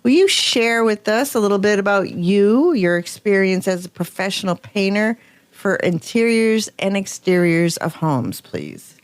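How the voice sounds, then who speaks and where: A woman's voice: medium pitch, expressive, measured pace, clear, resonant tone, no room sound. A woman hosting a radio talk show, chatty and upbeat as she introduces guests. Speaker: radio show host and real estate broker.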